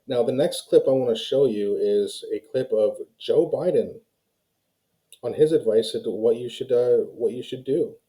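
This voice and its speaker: A man's voice: medium pitch, normal speed, dark tone, rough recording. A man hosting his own video channel, giving heated, opinionated commentary straight to his viewers. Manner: heated, ranting, talks straight to viewers as "guys". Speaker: YouTube commentary host. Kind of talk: opinionated casual commentary to camera.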